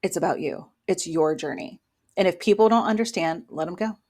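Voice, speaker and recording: A woman's voice: fairly low pitch, fairly quick, darkish tone. A woman giving a casual weekly tarot reading into her own microphone, talking in an encouraging, motivational way. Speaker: tarot reader and spiritual coach.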